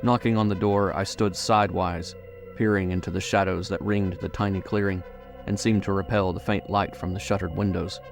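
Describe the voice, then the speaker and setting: A man narrating a horror audiobook in a measured, suspenseful way. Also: sits low, flat delivery, music in the background.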